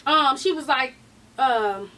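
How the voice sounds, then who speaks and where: A woman's voice: high-pitched, takes it slowly, sharp tone, recorded from a distance. A tired woman vlogger giving a casual, sassy, profane recap of a reality show and quizzing her viewers directly. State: tired, late at night. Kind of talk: casual gossipy recap commentary.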